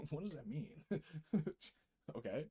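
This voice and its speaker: A young man streaming a game, chatting casually and reading narration, an animated storyteller who laughs often and swears freely. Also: on the high side, slow, breathy edge. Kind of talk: casual live-stream chat and game read-through.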